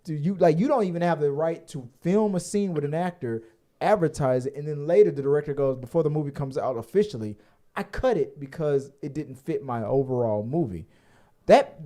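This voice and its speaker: A man's voice: fairly high pitch, warm tone. A man co-hosting a casual podcast, rambling with many fillers and restarts and the odd curse. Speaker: podcast co-host. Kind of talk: casual chat.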